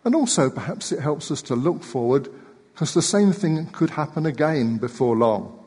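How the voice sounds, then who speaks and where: A man's voice: a little high, animated, breathy edge. Man preaching in an echoing hall. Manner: gentle, measured, repeats words. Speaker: pastor. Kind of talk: sermon. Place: church sanctuary.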